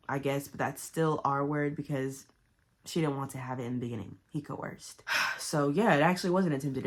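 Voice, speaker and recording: A woman casually recapping a book to camera, animated and chatty. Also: sits low. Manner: chatty, animated retelling with loud quoted outbursts. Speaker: book vlogger.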